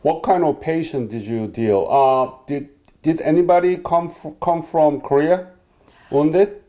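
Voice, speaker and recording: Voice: medium pitch, unhurried, dark tone. An interviewer asking short questions and giving brief prompts in an oral history interview.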